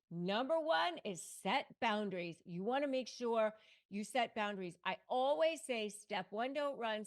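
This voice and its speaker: Emphatic middle-aged woman coach. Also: medium pitch. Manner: emphatic, punchy repeated phrases. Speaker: lawyer and negotiation coach. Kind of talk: motivational advice to camera.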